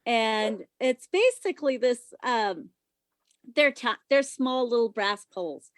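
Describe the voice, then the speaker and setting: A young adult woman, a podcast guest, telling a story casually in an animated, profane way, loud when she quotes herself. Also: a little high, slow, no echo, clean studio sound. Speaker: podcast guest, former stripper.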